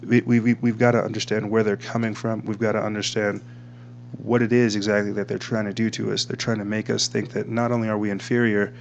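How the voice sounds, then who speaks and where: A man's voice: lowish voice, level tone, a little fast, vocal fry, highs cut off, a little hiss or hum. A man hosting a talk show, commenting casually while reading from his screen, rambling and repeating himself with frequent laughs. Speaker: podcast host.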